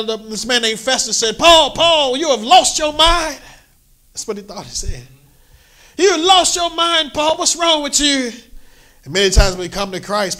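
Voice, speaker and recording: A middle-aged pastor with a New York accent, preaching a sermon in a church with emphatic, repeated lines. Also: male voice, high-pitched, a bit bright. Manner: preaching with rising, emphatic repetition. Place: church sanctuary.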